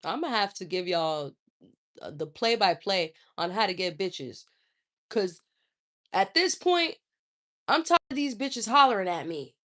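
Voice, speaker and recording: A woman's voice: mid-range voice, sing-song, a little slow, long pauses, a bit bright. A woman hosting a livestream, ranting in a sassy, profane and indignant way. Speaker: livestream host. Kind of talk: casual livestream rant.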